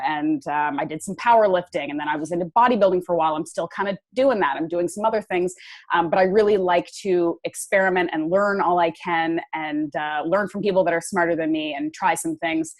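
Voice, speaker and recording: A woman in her thirties, a podcast guest talking enthusiastically in loose, run-on phrases. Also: lowish voice. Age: 30s. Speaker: podcast guest, fitness writer. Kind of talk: casual interview chat.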